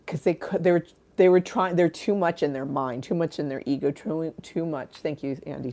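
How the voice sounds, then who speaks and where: A woman with a very low-pitched voice hosts a casual livestream chat. She rambles candidly, laughing often and swearing freely. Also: mellow. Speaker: livestream host.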